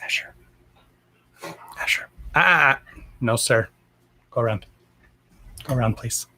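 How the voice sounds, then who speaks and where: Blunt, husky-voiced man chatting on a live stream. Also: medium pitch, unhurried, bright, forceful tone. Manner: blunt and profane, talks to his dogs mid-stream. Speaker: live-stream host and dog owner. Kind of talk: casual live-stream chat.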